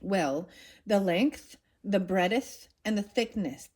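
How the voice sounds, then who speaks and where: Woman reading a dignified gentle old man, calm plain storybook read. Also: medium pitch, takes it slowly.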